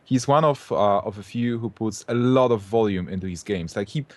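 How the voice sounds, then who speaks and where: Guy from romania on a panel explaining stuff, lots of uhs, lowish voice, dry close sound. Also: moderate pace, dry recording. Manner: explanatory, hesitant with many filler ums and uhs. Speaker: panel co-host. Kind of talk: casual panel chat.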